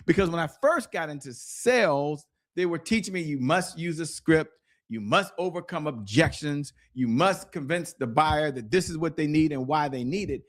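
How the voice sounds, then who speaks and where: A middle-aged man tells stories as an interview guest with real energy, his voice sitting a little high and swooping up and down. He speaks straight to the viewers with the push of a preacher. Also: moderate pace. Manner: animated, preacher-like, addresses viewers directly. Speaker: guest, sales strategist.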